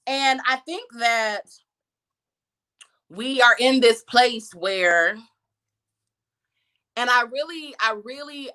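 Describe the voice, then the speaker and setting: A woman's voice: mid-range voice, bright, forceful tone. A woman speaking as a featured guest on a live stream, giving a conversational and emphatic motivational talk full of rhetorical questions.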